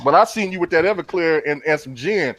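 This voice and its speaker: A man's voice: a little high, a little fast, a bit bright. A man hosting a casual gaming podcast, chatting in laid-back slangy banter with his co-hosts. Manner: laid-back slangy banter, repeats "you know what I'm saying". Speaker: podcast host.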